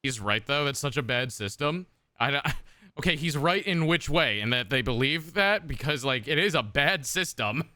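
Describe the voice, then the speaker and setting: A man's voice: mid-range voice, lively intonation, normal speed, bright, forceful tone, no room sound. A man streaming a video game, giving wry, amused, chatty commentary. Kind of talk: casual gameplay commentary.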